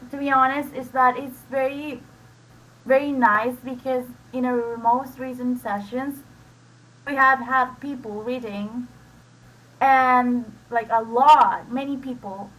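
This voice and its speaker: Woman, native Spanish speaker, Spanish accent, slightly high voice; casual, rambling host on a voice-chat mic. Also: a bit bright, poor audio. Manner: rambling, with many "like" fillers and restarts. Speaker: reading session host. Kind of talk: casual screen-share explanation.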